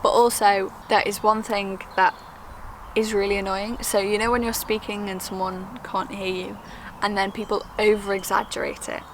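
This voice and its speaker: A young woman from the UK talking to camera in a quick, chatty, earnest way, with frequent ums. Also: medium pitch, level tone. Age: young adult. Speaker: vlogger. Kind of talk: casual talk to camera. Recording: noisy background with traffic.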